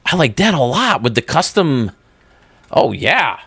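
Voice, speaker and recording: A man's voice: mid-range voice, sing-song, a little slow, creaky, heavy background noise. A man hosting his own channel, chatting casually and enthusiastically while touring video game stadiums, often laughing at himself. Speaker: YouTube host.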